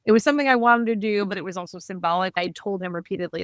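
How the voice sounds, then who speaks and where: A woman of middle pitch speaks as a podcast guest, recounting her family history with lively, animated delivery. Her voice sits close and dry on the mic with no room around it. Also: racing, dry recording. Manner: animated, acts out quoted dialogue. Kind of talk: conversational storytelling.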